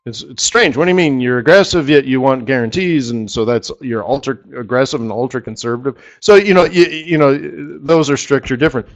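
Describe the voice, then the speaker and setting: A man's voice: mid-range voice, a little fast, hardly any pauses, muffled recording. A middle-aged man hosting a live forex strategy session, rambling and repeating words for emphasis. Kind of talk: live trading webinar talk.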